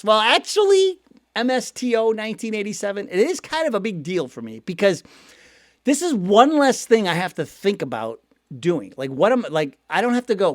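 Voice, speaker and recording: A man with a Cleveland accent talks fast and loose as a fan-show host, stressing words and laughing between thoughts. His voice sits high and swings widely in pitch. The sound is dry and close. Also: no echo. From Ohio. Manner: animated, chatty, laughs often, stresses words. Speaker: sports podcast host reading viewer comments. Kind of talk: casual fan talk show.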